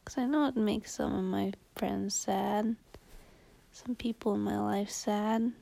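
A young woman rambling in a low-key, confessional vlog, swearing bluntly and often dropping to a whisper. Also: fairly even intonation, slow, creaky, dark tone, no echo.

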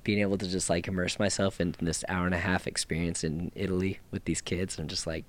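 A man's voice: low voice, flat delivery, brisk, hardly any pauses. A man co-hosting a casual podcast chat, enthusiastic and gushing. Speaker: podcast co-host.

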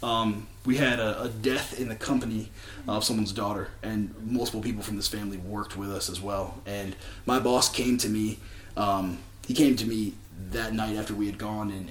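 A man telling a personal faith story to a church crowd, earnest and often laughing, going quiet when emotional. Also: fairly low pitch, reverberant, slight background noise. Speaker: church speaker. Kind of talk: personal testimony.

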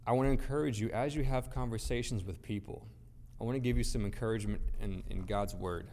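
A man's voice: lowish voice, fast talker, dark tone, a little hiss or hum. A man preaching a sermon to a gathered audience, speaking emphatically with rhetorical questions and repeated phrases. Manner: emphatic, rhetorical, builds points through repetition. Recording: long reverb of a large hall.

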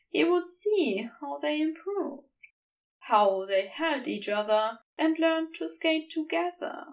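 Woman narrator, podfic reading, lively pitch, slow pace, set back from the mic. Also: distant mic. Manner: unhurried, expressive reading. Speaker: podfic reader. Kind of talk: storybook narration.

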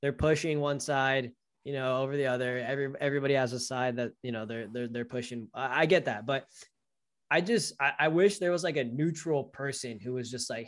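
A young man co-hosting a casual chat, telling stories in an animated way and acting out the lines of people he quotes. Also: medium pitch, a little fast. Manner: animated storytelling, acts out quoted dialogue. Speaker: podcast co-host.

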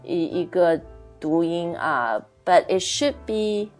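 A woman's voice: fairly low pitch, lively intonation, slow pace, darkish tone, soft background music. A woman co-hosting a bilingual lesson, explaining pronunciation patiently and checking in with her listeners. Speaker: English pronunciation teacher, co-host.

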